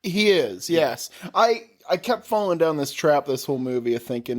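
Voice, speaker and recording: A man's voice: fairly high pitch, animated, normal speed. A man co-hosting a casual podcast, adding wry, joking remarks. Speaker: podcast co-host. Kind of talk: casual chat. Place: basement.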